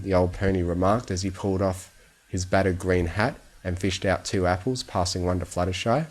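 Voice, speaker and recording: A man reading fan fiction aloud as a calm, steady sleep story. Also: sits low, moderate pace.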